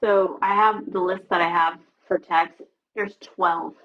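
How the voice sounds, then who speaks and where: A woman chats on a live stream, halting and going back over her words. Her voice is very low and husky, and the sound is dull and lo-fi. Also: steady tone. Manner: halting, restarts her sentences. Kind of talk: casual live-stream chat.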